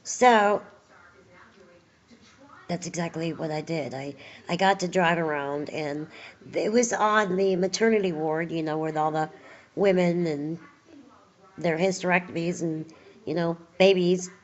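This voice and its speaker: A woman's voice: fairly low pitch, unhurried, pauses often, dull audio. A woman chatting casually in a home video update, rambling with many fillers, tired and recovering from surgery. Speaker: vlogger.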